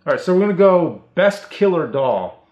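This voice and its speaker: A man's voice: high voice, very animated, normal speed, darkish tone. Give me an easygoing man chatting, lots of fillers. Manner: easygoing, filler-heavy recollection. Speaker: co-host. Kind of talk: casual chat. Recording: roomy, slightly dull audio.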